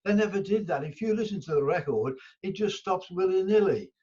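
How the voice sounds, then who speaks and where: A high-pitched, husky, dark-toned voice belongs to an older English guest musician who speaks fairly quickly and expressively. He tells stories in a casual interview, rambling with many restarts and fillers, and the audio is dull lo-fi.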